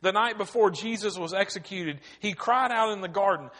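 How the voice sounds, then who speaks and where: A male pastor preaching a sermon, with dramatic pauses, building to emphatic cries. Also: high voice, a bit bright. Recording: long hall reverb.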